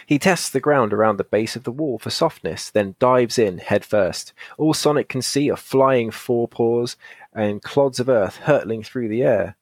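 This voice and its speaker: A man's voice: mid-range voice, moderate pace, dry recording. A British man hosting a podcast, reading a gamebook aloud and joking with guests. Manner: playful, jokey. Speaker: host and game reader. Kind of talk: casual podcast chat and read-aloud narration.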